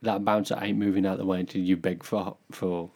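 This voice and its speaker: A man with a very deep voice chats casually, dropping in dry, teasing comments between stories. He sounds relaxed and easygoing. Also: fairly quick. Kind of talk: casual chat.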